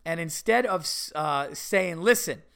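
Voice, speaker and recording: A man hosting a podcast, reading listener letters aloud with profane, animated commentary and frequent laughter. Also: on the high side, normal speed. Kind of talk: casual comedic rant.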